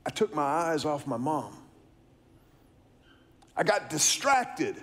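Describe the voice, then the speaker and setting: A man's voice: fairly high pitch, very animated, slow pace, a bit bright. A middle-aged man, preaching a sermon, telling a story and asking the congregation questions. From Texas, US. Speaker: pastor.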